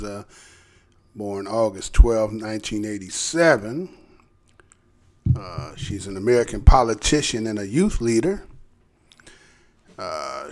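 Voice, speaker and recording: A man hosting his own commentary channel, talking loosely with many fillers and tag questions. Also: medium pitch. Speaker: channel host. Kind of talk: casual news commentary.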